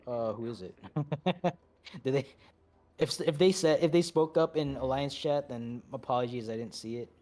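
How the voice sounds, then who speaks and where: Guy running a raid on voice chat, relaxed and chatty, mid-pitched, says sorry a lot. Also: brisk. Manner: easygoing, chatty, apologetic asides. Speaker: raid leader. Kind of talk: giving instructions over voice chat.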